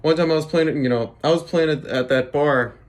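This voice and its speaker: A man's voice: on the high side, fairly quick. A man casually giving advice to fellow drummers, stammering and restarting often and checking in with "okay?". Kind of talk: casual spoken tips to camera.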